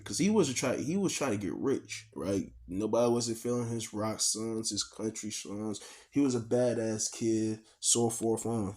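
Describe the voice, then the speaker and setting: A man co-hosting a reaction video, talking in an animated, rambling and profane way. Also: on the low side, unhurried. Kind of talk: casual reaction chat.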